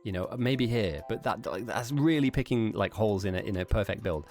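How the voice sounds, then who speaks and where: A man's voice: fairly low pitch, animated, fairly quick, a little mellow, soft background music. Chatty man commentating a game. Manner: chatty, self-mocking, rambling asides to chat. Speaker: tournament commentator and streamer. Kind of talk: live esports commentary.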